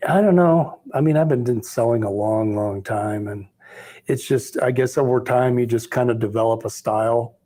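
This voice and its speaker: A calm man with a dark, mellow voice, talking in a relaxed and even-keeled way. He sounds unhurried and steady, never pushy, with a middle pitch. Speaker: experienced sales agent. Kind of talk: casual chat.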